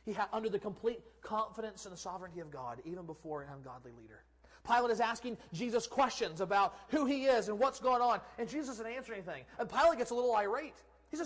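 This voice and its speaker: A male pastor preaching a sermon, acting out quoted speakers and swinging from loud proclamation to a hushed near-whisper. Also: high-pitched, lively intonation, fast talker.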